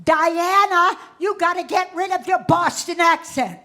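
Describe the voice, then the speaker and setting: Pushy middle-aged Jewish mother, shrill, loud, nagging, put on by a woman. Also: a little slow, exaggerated voice. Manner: bossy, nagging.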